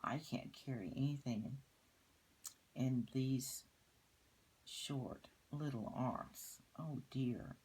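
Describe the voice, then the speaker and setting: An older woman voicing a worried, tearful mother kangaroo in a picture book read aloud, speaking softly and pleadingly. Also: a bass voice, takes it slowly, long pauses, slight background noise. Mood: sad. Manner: pleading, soft.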